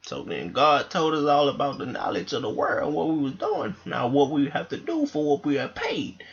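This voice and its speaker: A man's voice: a little high, very animated, normal speed, gravelly, muffled recording. A man telling a rambling, profane comic story into a microphone. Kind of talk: comedic monologue.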